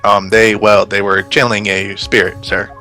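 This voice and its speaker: Guy doing a bumbly eager cop on the stand, low-ish but bright, always saying sir. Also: level tone, moderate pace, faint music behind. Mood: earnest. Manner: deferential, adds sir often. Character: bumbling eager male police detective.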